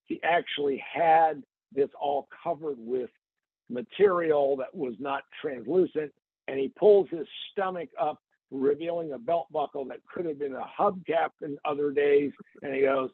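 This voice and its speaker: A man hosts a podcast in a loose, joking way, telling stories with playful asides. His voice sits a little high, with a gravelly, husky edge. It comes through a tinny, phone-like line with a dry sound. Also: normal speed, dry recording. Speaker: podcast host. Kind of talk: casual comic podcast chat.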